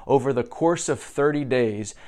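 A man's voice: mid-range voice, moderate pace, a little mellow. A middle-aged man, a pastor, giving an earnest devotional teaching, often repeating words as he builds a point.

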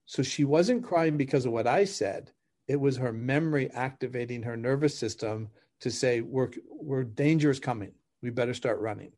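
Middle-aged guy on a podcast, chatty, tells stories, laughs a lot, mid pitched voice. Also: normal speed. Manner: animated, laughs while explaining, acts out dialogue. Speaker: podcast guest, relationship coach. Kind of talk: conversational storytelling.

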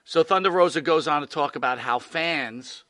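A man's voice: fairly high pitch, normal speed, pushed and bright. A man hosting a wrestling talk show, telling the story emphatically and swearing casually. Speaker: podcast host.

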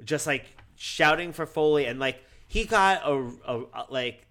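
Male co-host, bright tone, loose animated chatter. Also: on the high side, a little slow. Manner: animated, lots of "like" fillers. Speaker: podcast co-host. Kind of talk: casual chat.

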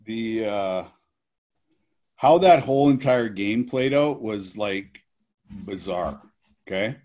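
A man's voice: fairly low pitch, lively intonation, takes it slowly, a little mellow. A man as an interview guest, telling a story in a laid-back way. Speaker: guest, former hockey player. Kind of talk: casual storytelling.

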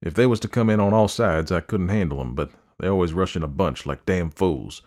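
A deep-voiced man reading a gruff young frontier scout in an audiobook, blunt and steady. He talks in a folksy frontier dialect and gives short, plain commands. The voice sits very low. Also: brisk, close to an everyday voice. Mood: scornful. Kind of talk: audiobook character voice.

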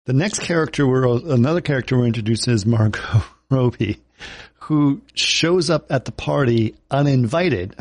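A man's voice: mid-range voice, a little mellow, dry recording. Man rambling through a film recap. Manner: rambling, retelling scenes with laughs. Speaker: podcast co-host. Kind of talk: casual film discussion.

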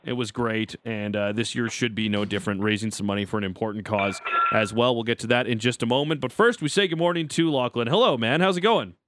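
A man hosting a sports radio show, running through segment links and interviewing a guest with brisk, upbeat delivery. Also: mid-range voice, fairly bright tone. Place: radio studio. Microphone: studio microphone.

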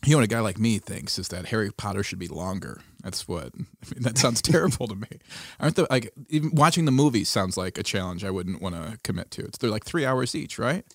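A man's voice: on the low side, brisk, gravelly, dry recording. Guy cohost, teasing dry banter, lots of laughing, close dry mic. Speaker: podcast co-host. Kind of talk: casual chat.

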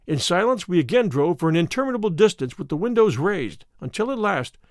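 A man narrating a classic story in the first person as an audiobook reader, in a measured and vivid way. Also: high voice, big pitch swings, no room sound, clean studio sound.

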